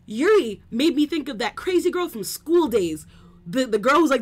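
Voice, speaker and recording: A woman streaming a game, reacting with excitable, exclamatory commentary. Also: a little high, measured pace, breathy edge. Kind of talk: let's play commentary.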